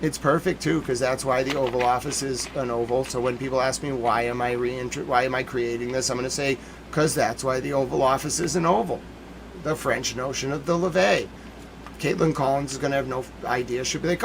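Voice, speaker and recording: A man's voice: medium pitch, fairly even intonation, a little fast, creaky, a little hiss or hum. A man hosting a livestream, riffing in a casual, joking monologue and laughing at his own ideas. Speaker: host of a nightly news recap stream.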